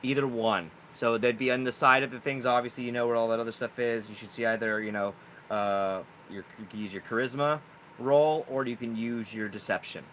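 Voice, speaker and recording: A man running a tabletop role-playing game in an animated, playful way. His voice is bright and forward, and faint background noise sits under the recording. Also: medium pitch, brisk, rough recording. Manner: animated, breaks into silly singing and laughter. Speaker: game master.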